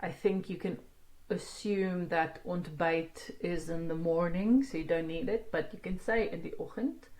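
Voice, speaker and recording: A woman gives a patient online language lesson. She talks slowly in a fairly low voice. She breaks every example down piece by piece and translates as she goes. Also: a little mellow. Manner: slow, explaining each word and translating line by line. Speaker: Afrikaans language teacher.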